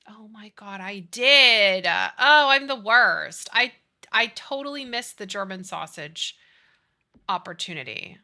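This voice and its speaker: A woman's voice: medium pitch, expressive, unhurried, sharp tone. A young woman streaming a building game, chatting casually with friends and viewers, giggly and swearing freely. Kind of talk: casual live-stream chat while gaming.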